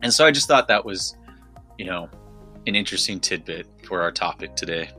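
A man's voice: low-pitched, lively intonation, a little fast, pushed and bright, soft background music. An American man co-hosting a podcast, telling a story in a rambling, casual way with fillers and restarts. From United States. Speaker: podcast co-host.

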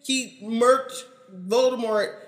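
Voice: medium pitch, steady tone, slow. A podcast co-host in casual chat, slangy, joking and emphatic. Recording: roomy echo.

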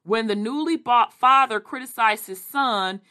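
A woman reading history aloud and adding animated, casual commentary. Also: fairly high pitch, clean tone. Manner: animated, quick asides, Southern Black vernacular.

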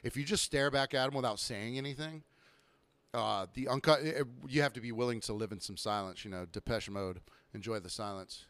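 A young man hosting a podcast, ranting profanely about bartending and customers, now and then mimicking them in a higher voice. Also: fairly quick, a bit bright, smooth, no echo. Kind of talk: casual podcast rant.

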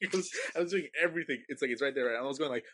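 Husky, fast-talking young man. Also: medium pitch. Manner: rambling storytelling, swearing, animated. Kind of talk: casual chat among friends.

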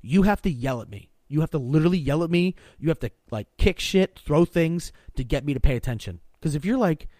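A man's voice: a little high, lively intonation, a little fast, few pauses, darkish tone, dry recording. A man in his thirties co-hosting a podcast in casual chat, blunt and profane, often restarting his sentences. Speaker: podcast co-host.

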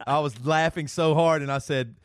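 A man co-hosting a casual podcast, telling stories with lively laughter. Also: on the high side, normal speed, clear, resonant tone, no room sound, studio quality. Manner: lively storyteller who laughs as he talks. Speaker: podcast co-host. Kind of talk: casual chat.

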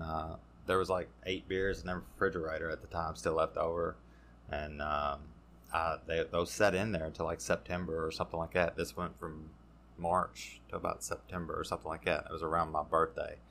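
A man, a podcast guest telling his recovery story in a halting, casual way, full of fillers and restarts. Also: low-pitched, level tone, a bit bright, a little hiss or hum.

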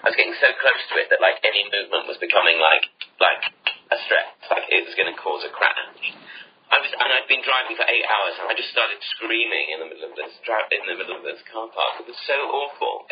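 A man's voice: expressive, quick pace, slightly rough. A man chatting casually and self-mockingly with his co-host over a video call. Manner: chatty, self-mocking, trails into lower mutters. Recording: slightly dull call audio with faint noise.

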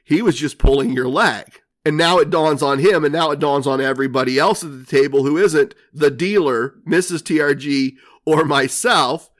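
An older man hosts his own podcast and tells a casino story in a dry, wry way. His voice sits slightly higher than most men's. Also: moderate pace, hardly any pauses. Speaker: podcast host.

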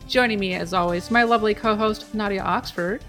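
A woman hosting a casual podcast, introducing her co-hosts and running through show notes and shout-outs in an upbeat way. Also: mid-range voice, fairly quick, soft background music. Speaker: podcast host.

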